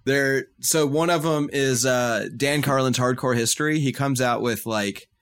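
A man's voice: medium pitch, a little slow, a bit bright, smooth. A man co-hosting a podcast, describing things eagerly in casual chat with many "uh"s and "like"s. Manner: enthusiastic, filler-heavy storytelling. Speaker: podcast co-host.

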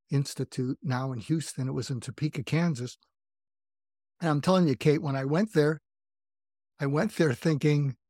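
A man's voice: medium pitch, darkish tone, no echo, clean studio sound. An older man from New England, a psychiatrist guest, telling a personal story in an earnest, reflective, self-revealing way.

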